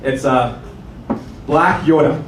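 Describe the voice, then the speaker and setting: A man's voice: mid-range voice, slow. A man from Canada performing a stand-up comedy set, telling stories animatedly and acting out voices. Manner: animated storytelling with acted-out voices. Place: comedy club stage with audience laughter. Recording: echoey club room from a distance with noise.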